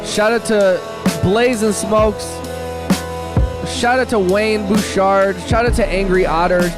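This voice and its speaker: A man hosting a music production livestream, chatting casually in an upbeat, rambling way, giving quick shout-outs and restarting his sentences. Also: high voice, fairly even intonation. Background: his own beat playing.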